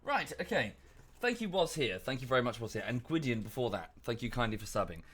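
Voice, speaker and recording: A man's voice: medium pitch, big pitch swings, fast, a bit bright, husky. A man streaming from home in a casual, rambling chat, a bit out of breath. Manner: chatty, rambling with many fillers. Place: home room.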